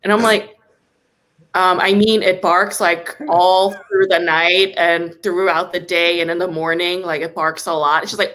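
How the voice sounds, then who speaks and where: A young woman telling a comic story in a casual, exasperated rant, swearing and jumping up in pitch when indignant. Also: level tone, unhurried, fairly bright tone. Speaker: comedy podcast host.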